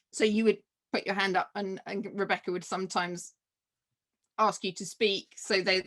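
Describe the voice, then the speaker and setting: A woman, a mother, guest on a podcast, telling a personal story casually and acting out remembered dialogue. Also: medium pitch. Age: adult with children. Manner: animated, acts out remembered dialogue.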